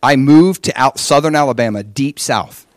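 A man from Hawaii gives his testimony in a sermon, acting out his younger self with lively shifts of voice. He throws in rhetorical questions as he goes. His voice sits at a middling pitch, and the recording is close and dry. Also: normal speed, no echo. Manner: animated storytelling with rhetorical questions. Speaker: preacher sharing his testimony.

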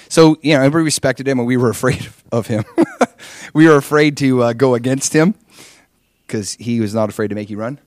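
Animated man telling his testimony. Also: mid-range voice, dry recording, studio quality. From Hawaii. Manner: animated storytelling with rhetorical questions. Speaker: preacher sharing his testimony. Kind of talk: testimony sermon.

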